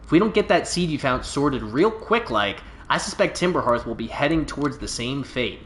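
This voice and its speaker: A man with a mid-range, fairly bright voice and lively intonation, speaking at normal speed, reads game dialogue aloud as a boastful, laid-back alien pilot stranded somewhere. He spins the tale in a folksy drawl that stays close to an everyday voice. The recording has roomy echo and a little hiss or hum.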